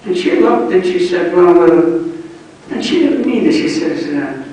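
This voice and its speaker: A man, telling blunt stand-up stories in gruff street talk at a book signing. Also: high-pitched, expressive, a little slow, a little mellow, slight background noise. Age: 80s. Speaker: comedian. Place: large club function room. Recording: distant mic in an echoey room.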